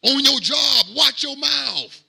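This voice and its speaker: A middle-aged man, a pastor, preaching a sermon in a rhythmic cadence that swings from quiet asides to shouted peaks. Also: extremely high pitch, lively intonation, takes it slowly, gravelly.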